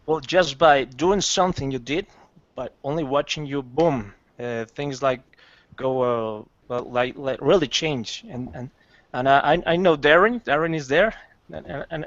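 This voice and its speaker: Colombian-accented man, eager, halting. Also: no room sound. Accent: Colombian Spanish. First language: Spanish. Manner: enthusiastic, halting, says "boom" a lot. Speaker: caller. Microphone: video call. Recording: dry, dull lo-fi call audio.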